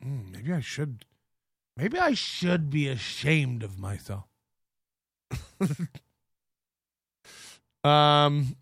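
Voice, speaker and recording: Man hosting a talk show, crude mocking rant, high animated voice, bright tone, dry close sound. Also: drawn-out words, pauses often, no echo. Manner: crude, mocking, laughs at his own jokes. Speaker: show host. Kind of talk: ranting commentary on a viewer dispute.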